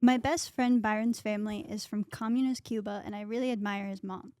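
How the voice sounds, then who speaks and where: A woman's voice: mid-range voice, fairly even intonation, a little fast, mellow, dry recording, clean studio sound. A woman reading listener questions aloud on a comedy podcast, earnest, plain and a little self-conscious.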